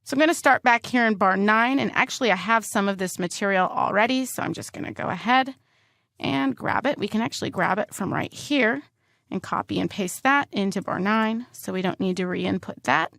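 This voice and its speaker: Woman calmly narrating a software tutorial. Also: mid-range voice, a little fast, creaky, dry recording, clean studio sound. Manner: calm, step-by-step, narrating each keystroke. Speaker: music notation instructor. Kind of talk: screen-recorded software tutorial.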